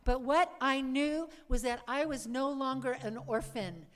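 A woman giving a lively testimony talk to a live audience, acting out her own past lines and asking the crowd questions. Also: high voice, unhurried. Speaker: speaker giving a conversion testimony. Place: church or meeting hall. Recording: long hall reverb.

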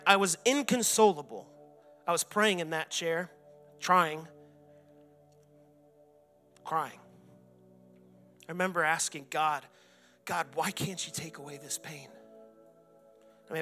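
Bright-voiced pastor giving an earnest sermon. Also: male voice, a little high. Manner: earnest personal testimony, reenacts his own anguished shouting prayers. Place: church sanctuary.

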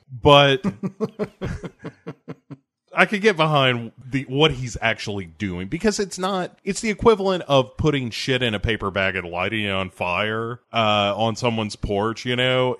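A man's voice: medium pitch, a little slow, fairly bright tone. A man co-hosting a casual film review podcast, crude and laughing through his rants.

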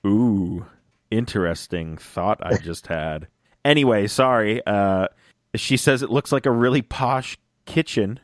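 A man in a casual fan chat, talking excitedly and rambling, often acting out lines in little voices. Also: on the low side, measured pace, no room sound, clean studio sound. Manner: excited, rambling, acts out quotes.

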